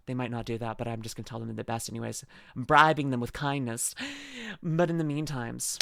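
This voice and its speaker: Bright, giggly woman streamer. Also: sits low, fairly quick, smooth, no echo, clean studio sound. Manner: giggly, playful, reads chat aloud. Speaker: VTuber streamer. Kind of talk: casual live-stream chat.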